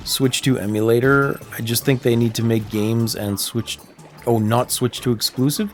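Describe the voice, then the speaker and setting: A man's voice: medium pitch, steady tone, moderate pace, soft background music. A Canadian man chatting casually while livestreaming a game, telling stories and laughing often. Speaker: streamer. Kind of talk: casual gameplay livestream chat.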